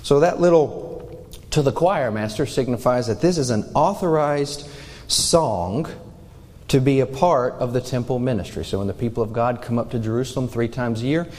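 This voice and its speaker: Male pastor, earnest sermon delivery with a mellow tone, church hall reverb. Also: medium pitch, normal speed. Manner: earnest, questioning the congregation directly. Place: church sanctuary.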